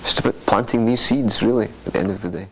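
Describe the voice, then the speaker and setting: A man's voice: fairly low pitch, fast, a bit bright. A man from a band recounting gigs in a casual interview, rambling with restarts and fillers. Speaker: band member.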